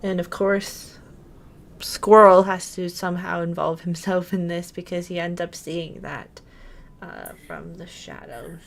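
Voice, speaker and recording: Low-voiced woman hosting a chat. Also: fairly even intonation, unhurried, vocal fry, a little hiss or hum. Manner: conversational, frequent affirming murmurs. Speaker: podcast host. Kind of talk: casual TV review chat.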